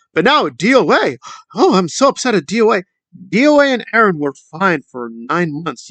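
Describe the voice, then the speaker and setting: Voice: mid-range voice, dry recording. A commentary YouTuber ranting in a sarcastic, scornful tone.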